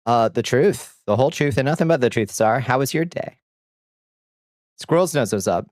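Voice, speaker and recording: Reading viewers' comments out loud, this streamer answers with profane, blunt jokes and plenty of laughter in a casual chat. His mid-range, darkish voice has lively intonation and a moderate pace, recorded clean in a studio with no room sound.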